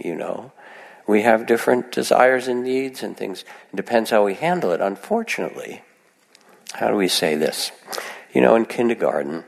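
A low-voiced man with a gravelly edge gives a gentle, unhurried dharma talk. He speaks in a conversational way, full of asides to his listeners. His voice rings with the long reverb of a large hall. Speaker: meditation teacher. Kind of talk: dharma talk to a live audience.

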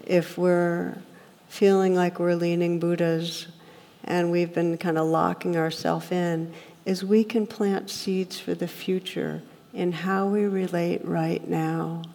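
A woman's voice: lowish voice, gravelly, mellow. A woman meditation teacher giving a reflective dharma talk, speaking earnestly and telling stories to make her point. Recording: long hall reverb.

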